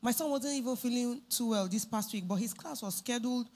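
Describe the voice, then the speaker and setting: A woman's voice: on the high side, a little fast, darkish tone. Lady preaching, punchy and repetitive, hammering each point home. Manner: emphatic, repeats phrases for stress. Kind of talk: sermon.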